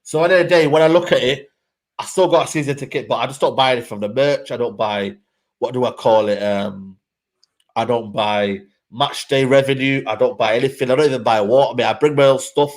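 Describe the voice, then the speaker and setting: A man co-hosting a casual football chat on a live stream, excitable and peppering his talk with "man" and "mate". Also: medium pitch, fast. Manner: excitable, fills lines with "man", "mate" and "bro". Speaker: co-host, football fan.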